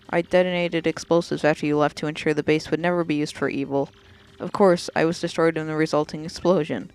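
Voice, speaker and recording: A let's player reading the lines of a calm, logical computer in a video game. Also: medium pitch, smooth, lightly acted, low-quality recording.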